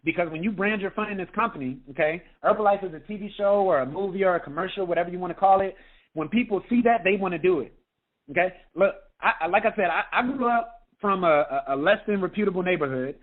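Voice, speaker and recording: A man, a health coach, giving an energetic motivational talk on a group call, often checking in with "okay?". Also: high voice, fast talker. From United States. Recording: tinny phone line.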